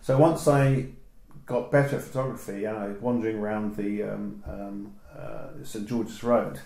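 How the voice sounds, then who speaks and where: A man's voice: fairly low pitch, fairly even intonation, moderate pace, vocal fry, a little mellow, reverberant, low-quality recording. A man with a southern English accent, a photographer telling meandering stories in a casual interview. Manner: meandering, chatty storytelling.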